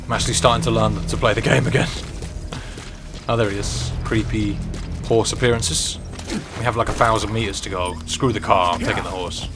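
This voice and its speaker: A man's voice: on the low side, steady tone, fairly quick, music in the background. A man giving casual, joking live-stream commentary while he plays and chats to the game's characters. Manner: joking, chatty, talks to the game characters. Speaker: gaming streamer.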